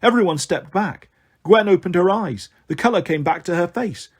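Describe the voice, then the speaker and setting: A man reading a novel aloud as an audiobook narrator, measured and expressive. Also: high voice, slightly rough. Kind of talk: storytelling narration.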